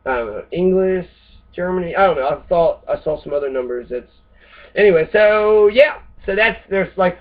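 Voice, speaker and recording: Profane rambling American man, tinny sound. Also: fairly high pitch. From United States. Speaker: host. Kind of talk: casual rant monologue. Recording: tinny phone-like lo-fi audio.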